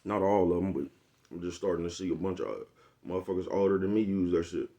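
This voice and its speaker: A man with a deep, low voice rambles through a casual monologue to his viewers. He swears freely and keeps asking whether they know what he is talking about. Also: fast talker, dark tone. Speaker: vlogger.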